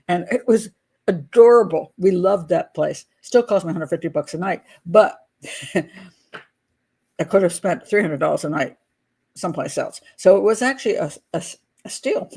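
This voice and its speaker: Older american lady rambling thru a travel story, gravelly voice, laughs a lot. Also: lowish voice, a little mellow. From United States. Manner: chatty, laughs often, frequent restarts. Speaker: advice vlogger. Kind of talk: casual storytelling.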